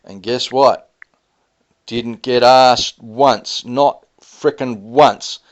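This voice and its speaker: Middle-aged man venting in a vlog; heated, rambling, average pitch, muffled audio. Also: steady tone, drawn-out words. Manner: aggrieved, rambling, often heated. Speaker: vlogger. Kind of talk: personal storytelling vlog. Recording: dull lo-fi audio.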